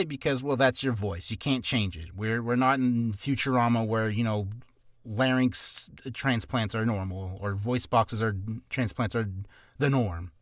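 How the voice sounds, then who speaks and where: A man giving casual voice-acting warm-up tips in a rambling, self-deprecating way, admitting he talks fast from nerves. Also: medium pitch, no echo, clean studio sound. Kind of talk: casual vlog tutorial. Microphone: camera on a stand.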